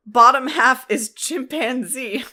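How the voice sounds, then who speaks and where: A young woman co-hosting a podcast, chatting casually over a card game, hesitant and quick to laugh. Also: high voice, pushed and bright. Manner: giggly, hesitant, trails off. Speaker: podcast co-host, judge.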